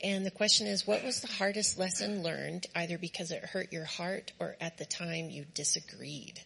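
A woman's voice: fairly low pitch, steady tone, normal speed, creaky, bright, forceful tone, slightly rough. A woman podcast host reading out a question to a guest. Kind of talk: asking a question.

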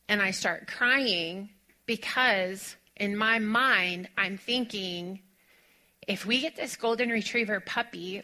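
Woman pastor, bright tone, animated storytelling sermon, church setting. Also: mid-range voice. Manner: animated storytelling, laughing often, fast-talking asides. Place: church sanctuary.

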